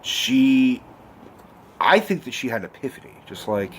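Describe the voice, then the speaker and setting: A young man in his twenties rants about a film with plenty of swearing. His mid-range voice lurches from mumbled asides to sudden shouted outbursts. The delivery is loose and conversational. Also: medium pitch, normal speed, slight background noise. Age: 20s. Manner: animated, swearing, bursts of shouting. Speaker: vlogger. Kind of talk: profane movie rant.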